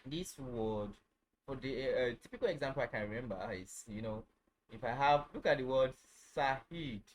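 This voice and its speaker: A man giving an informal French lesson, repeating words slowly, checking that viewers follow, and correcting himself as he goes. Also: medium pitch, a little hiss or hum, rough recording. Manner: restarts and self-corrects often. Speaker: French teacher.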